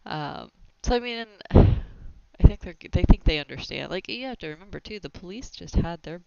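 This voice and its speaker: A woman hosting a casual opinion podcast, animated and opinionated, often laughing as she talks. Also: fairly low pitch, normal speed, creaky, heavy background noise. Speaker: podcast host. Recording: dry, slightly dull lo-fi sound.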